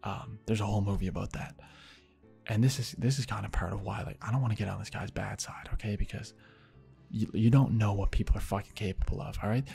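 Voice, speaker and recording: A man's voice: on the low side, steady tone, fast talker, gravelly, mellow, faint music behind. A young man casually telling a story about an odd neighbor, swearing often and muttering asides.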